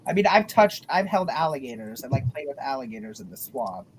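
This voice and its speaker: A man's voice: medium pitch, fairly quick, crowd noise. Nonchalant Southern man telling tall tales. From Southern US, North Carolina. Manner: nonchalant, deadpan storytelling with laughs. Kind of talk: casual storytelling chat.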